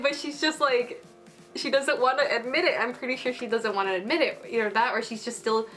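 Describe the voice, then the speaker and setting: A young woman giving a casual, excited episode review, gushing and saying "like" constantly. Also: fairly high pitch, brisk, soft background music. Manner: gushing, excitable, heavy use of "like". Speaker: anime reviewer.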